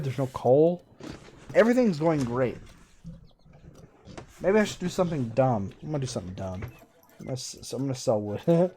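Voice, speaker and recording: Mellow-voiced man streaming a game. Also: mid-range voice. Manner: sarcastic, self-mocking running commentary. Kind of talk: casual live-stream commentary. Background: faint game music.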